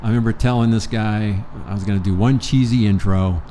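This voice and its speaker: A man's voice: lowish voice, steady tone, a little fast, mellow. A man co-hosting a casual podcast, joking and crude, teasing his partner. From Pennsylvania, USA. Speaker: podcast co-host. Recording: faint background noise.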